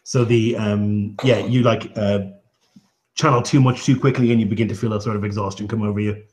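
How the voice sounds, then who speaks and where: A man's voice: lowish voice, steady tone, a little fast, darkish tone. A man narrating as game master in a tabletop game, with loose phrasing full of fillers.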